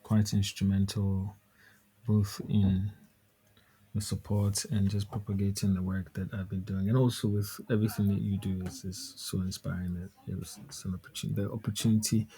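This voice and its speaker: A man's voice: fairly low pitch, level tone, moderate pace, mellow, breathy edge. A man chatting as a guest musician on a podcast, laid-back and candid, laughing easily. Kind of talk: casual podcast chat.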